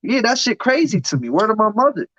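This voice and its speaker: A man's voice: sits high, sing-song, quick pace, a bit bright, dry recording. A man telling his story in casual chat, blunt, profane and heated. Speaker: podcast guest. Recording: dull, dry lo-fi sound.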